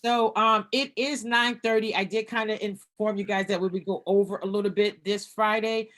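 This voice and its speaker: A woman's voice: medium pitch, fairly even intonation, moderate pace, fairly bright tone. Upbeat woman running a call. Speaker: call moderator. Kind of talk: casual meeting talk. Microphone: video call.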